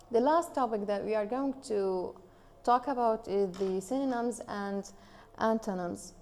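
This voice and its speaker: A woman with an Iraqi Arabic accent teaching English grammar in a recorded online lesson, reading example sentences slowly and deliberately. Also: on the high side, darkish tone, in a large hall.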